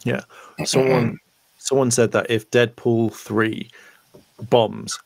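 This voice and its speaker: Podcast co-host, man, mid-pitched, excitable and profane, dry close recording. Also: slow pace, creaky, no echo. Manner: animated, swears freely, acts out imagined dialogue. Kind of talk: casual chat.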